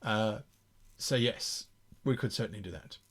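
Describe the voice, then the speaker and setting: A man game master brainstorming a campaign live, reading viewer comments aloud and thinking out loud with restarts and repeats. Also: on the low side, unhurried, breathy edge.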